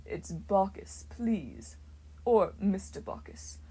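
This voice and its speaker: A woman voicing a grumpy male wine god who talks in a slow, lazy drawl. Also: mid-range voice, very animated, dark tone, breathy edge, exaggerated voice.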